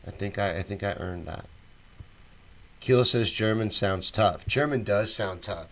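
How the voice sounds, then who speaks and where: Male host, chatty, reacts to chat comments, lowish voice. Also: a little slow. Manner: chatty, reads viewer comments aloud and reacts with opinions. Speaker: show host reading live chat. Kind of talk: casual live-stream chat.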